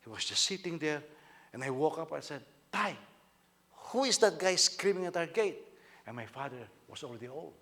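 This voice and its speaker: A male senior pastor preaching a sermon, telling stories with sudden loud bursts of emphasis. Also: fairly high pitch, expressive, moderate pace.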